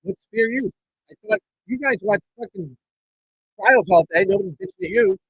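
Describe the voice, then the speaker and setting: A man hosting a casual golf livestream, talking loudly, swearing and rambling as he chats with viewers. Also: sits high, expressive, normal speed, vocal fry, husky, dry recording, low-quality recording. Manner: loud, swearing, rambling and frustrated. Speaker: golf pro livestream host. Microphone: desk mic at computer.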